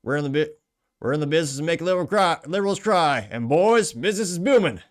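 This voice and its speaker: A man putting on the accent of a swaggering male movie soldier, drawling loudly and a little higher than his own voice. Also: lively intonation, fast talker, lightly acted. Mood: boastful.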